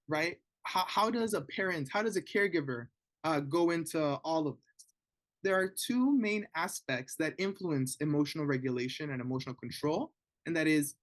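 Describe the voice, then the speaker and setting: Chatty man explaining to parents. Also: on the high side. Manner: conversational, often adds "right?" as a check-in. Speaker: presenter of a parent webinar. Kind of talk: informal educational talk.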